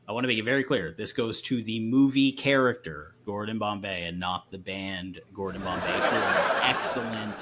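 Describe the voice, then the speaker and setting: A man's voice: on the low side, normal speed, hardly any pauses, heavy background noise. A man co-hosting a podcast, handing out joking music awards in playful banter. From Southern Ontario. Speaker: podcast co-host. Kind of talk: casual comedic awards banter.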